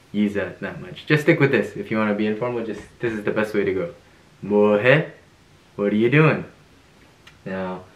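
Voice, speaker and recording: A man with a fairly low voice leads a casual video lesson. He sounds upbeat and playful, laughs easily, and says phrases slowly and more than once. The room is echoey. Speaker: Korean language teacher.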